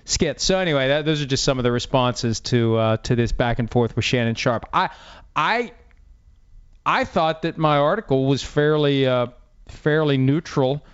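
Wry, smooth-voiced male sports host. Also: mid-range voice, normal speed. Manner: wry, self-deprecating, rambling. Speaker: podcast host. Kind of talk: casual sports chat. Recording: dull, slightly lo-fi sound.

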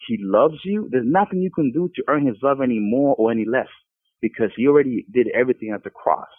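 A man's voice: medium pitch, quick pace, breathy edge, dry recording. Earnest man on a tinny phone line. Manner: earnest, stumbling restarts. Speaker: podcast guest. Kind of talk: casual Christian testimony.

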